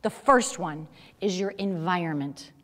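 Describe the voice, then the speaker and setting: A woman's voice: lowish voice, measured pace, long reverb tail. A middle-aged woman giving an emphatic, preachy talk to a young audience, full of rhetorical questions. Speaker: speaker.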